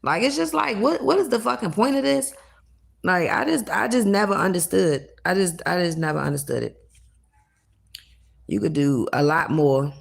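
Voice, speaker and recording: Low, gravelly, blunt-talking woman. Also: moderate pace. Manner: blunt, profane, animated storytelling. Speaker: livestreamer. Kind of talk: casual livestream chat.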